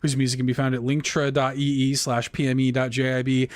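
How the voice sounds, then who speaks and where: A man hosting a casual gaming podcast, chatty and quick to laugh, reading off a list of supporter names. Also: medium pitch, little pitch movement, no room sound, studio quality. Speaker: podcast host. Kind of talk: casual chat.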